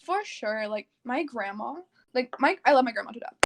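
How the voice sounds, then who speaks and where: A woman's voice: a little high, lively intonation, moderate pace. A young woman from Texas co-hosting a podcast, talking in a rambling, casual way full of fillers. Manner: rambling, filler-heavy, laughing. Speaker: podcast co-host. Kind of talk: casual chat.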